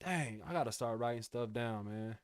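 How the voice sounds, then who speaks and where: A young man who's a music producer streamer chats casually with his live viewers, laid-back and slangy, calling them bro and y'all. His medium-pitched voice is clear and resonant at a moderate pace, captured as clean studio sound with no room tone.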